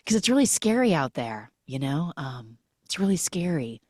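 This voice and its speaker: A woman's voice: low voice, very animated, normal speed, darkish tone, no room sound, studio quality. A woman quoting an earnest, rambling young woman. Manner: rambling, earnest, full of fillers.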